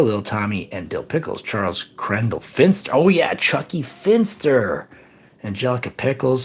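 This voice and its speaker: An animated man rambles casually on his live stream, reacting to chat in an upbeat way. His pitch swings widely from line to line. Faint music plays behind him.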